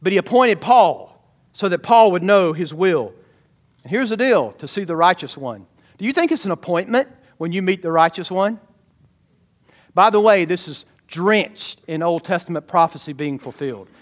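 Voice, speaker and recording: A man's voice: high-pitched, expressive, moderate pace. A man, a pastor, preaching a sermon emphatically and often calling out questions to his congregation.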